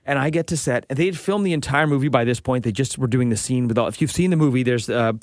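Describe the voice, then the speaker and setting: A man in his forties, co-hosting a podcast and telling a long anecdote in a relaxed, chatty way, acting out the dialogue as he goes. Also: mid-range voice, fast talker, dry recording, studio quality. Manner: lively storyteller acting out quoted dialogue. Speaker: podcast co-host. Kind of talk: casual anecdotal storytelling.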